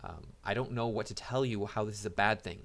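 A man's voice: fairly low pitch, fairly quick, creaky, a bit bright. A man giving casual reaction commentary, sarcastic and mocking, often stumbling and repeating words. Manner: sarcastic and mocking, with many restarts and stammered repeats. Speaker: online commentator.

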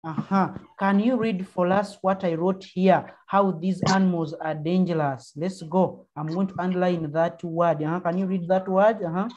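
A woman's voice: on the low side, fairly even intonation, normal speed, hardly any pauses, a little mellow, dull audio. A woman teacher with a Ugandan English accent, leading an online primary class over a video call, encouraging pupils with frequent uh-huhs. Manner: encouraging, prompting with frequent uh-huh and mm-hmm.

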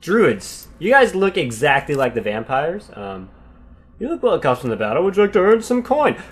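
A male gaming host giving let's play commentary, excitable and swearing, often yelping in fear. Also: a little high, moderate pace.

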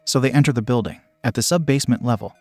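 A man narrating a horror film recap in a steady, scripted storytelling voice. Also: mid-range voice, fast talker, no echo, faint music behind.

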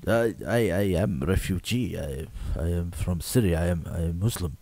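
A man voicing a soft-spoken refugee man who talks in halting, repetitive, broken phrases. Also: deep voice, slightly rough, no room sound, voice pushed down. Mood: earnest.

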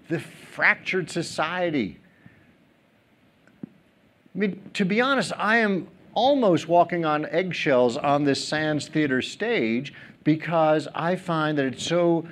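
A man's voice: on the high side, slight background noise. A middle-aged man giving a keynote speech on a theater stage, telling stories, acting out quotes and joking with the audience. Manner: animated storyteller, acts out quotes, jokes with audience. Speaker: keynote speaker.

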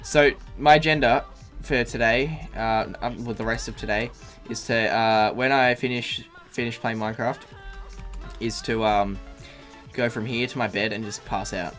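A tired man chats live while streaming a game, rambling and swearing with plenty of ums and restarts. His voice sits at an ordinary pitch. Faint music plays quietly behind him. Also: steady tone, moderate pace. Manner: rambling, profane, many fillers and restarts. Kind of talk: casual live-stream chat.

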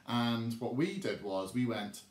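A man's voice: medium pitch, expressive, unhurried, slight background noise. A man teaching a recorded music lesson for young children, explaining a clapping game step by step in an encouraging, patient way. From England. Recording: echoey room, mic at a distance.

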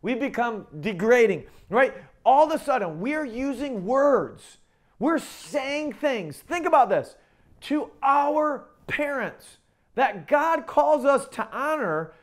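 A man's voice: extremely high pitch, very animated, takes it slowly. A middle-aged man, a pastor, giving a conversational sermon, often checking in with "okay?" and "right?" and repeating his phrases as he goes. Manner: repeats and restarts phrases while talking.

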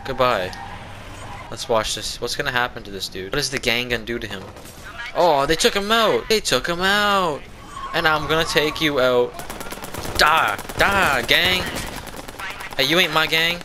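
A man giving excitable live commentary on his own gameplay, yelling and trash-talking as he plays. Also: medium pitch, normal speed, noisy background. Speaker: gameplay video creator. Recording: game music loud behind.

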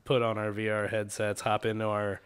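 A man's voice: lowish voice, monotone, fairly quick, clear, resonant tone. A man co-hosting a casual comedy podcast, laid-back, swearing and chiming in with short reactions. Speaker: podcast co-host.

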